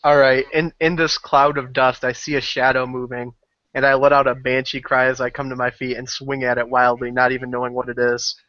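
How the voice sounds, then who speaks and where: A man's voice: medium pitch, flat delivery, brisk, a bit bright, no echo. A man playing in a tabletop game, describing his character's actions with animation. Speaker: player. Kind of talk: casual chat. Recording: dull lo-fi voice call audio.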